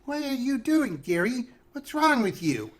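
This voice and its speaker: A man's voice: very animated, a little slow, a little hiss or hum, exaggerated voice. Man doing a cooing old witch woman. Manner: high sing-song cooing. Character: sweet-talking old female witch, sly.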